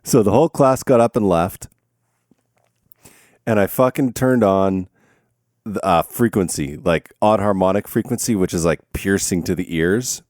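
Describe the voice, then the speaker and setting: A man's voice: low-pitched, unhurried, no room sound, studio quality. A man telling stories in a casual podcast chat, acting out the dialogue and laughing often. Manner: animated storytelling, acts out dialogue, laughs often. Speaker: podcast guest.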